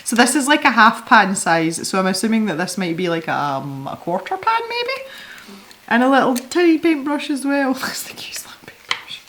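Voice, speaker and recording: A woman hosting a casual unboxing video, chatty and excitable, giggling often as she opens parcels of art supplies. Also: a little high, moderate pace. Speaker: art supply channel host.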